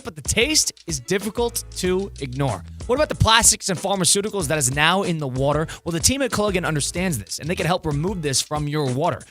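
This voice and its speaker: A man from the Northeast US co-hosting a sports radio show, chatting and reading a live ad with lots of energy. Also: high-pitched. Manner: energetic, talkative, jokey. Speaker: radio co-host. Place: radio studio. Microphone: studio mic.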